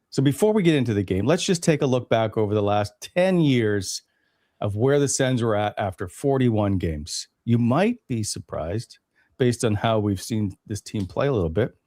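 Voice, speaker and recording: A man's voice: medium pitch, animated, normal speed, darkish tone, no room sound, clean studio sound. A man hosting a casual sports radio show, leading the segment and quizzing his co-hosts with stats. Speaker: host.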